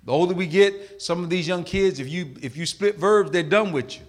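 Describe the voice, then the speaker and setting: A middle-aged male pastor preaching a sermon, emphatic, swinging from loud calls to hushed asides. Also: high-pitched, normal speed.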